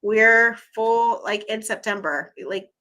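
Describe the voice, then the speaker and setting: A woman's voice: a little high, takes it slowly, sharp tone. A woman hosting a casual live chat, chatty and encouraging, reading viewer comments and losing her voice. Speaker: livestream host.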